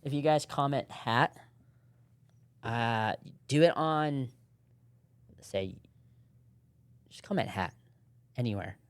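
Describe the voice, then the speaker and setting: A young man co-hosting a podcast, telling stories in a relaxed, rambling way. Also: mid-range voice, takes it slowly, pauses often, clear, resonant tone, dry recording. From Southern California. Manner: relaxed, rambling storytelling with laughs. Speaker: podcast co-host. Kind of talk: casual chat.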